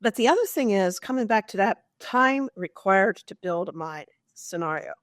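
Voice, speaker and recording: A woman answering interview questions at an even, measured pace, leaning on key words and posing rhetorical questions along the way. The sound is close and dry, with no room around it. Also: mid-range voice, no room sound. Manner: measured, explanatory, with emphatic stress and rhetorical questions. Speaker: guest expert.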